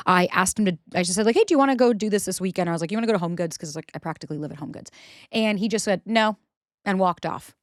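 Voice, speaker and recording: A woman podcast host talks fast and bluntly, swearing freely and slipping into quoted back-and-forth dialogue. Her voice sits at a middle pitch and is recorded dry and close, with no room sound. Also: no echo. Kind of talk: casual advice monologue.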